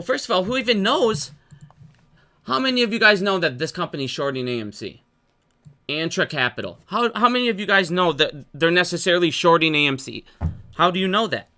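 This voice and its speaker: Frustrated market commentator, bright edge, swearing, unscripted rant. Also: medium pitch, expressive. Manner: heated, profane, fast-talking rant. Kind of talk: unscripted solo rant to viewers.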